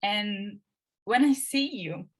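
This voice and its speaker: A woman host with a Brazilian Portuguese accent, speaking English over a video call. She is eager and halting, restarting her sentences and pressing on with feeling. Her pitch sits in the ordinary middle range. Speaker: interviewer.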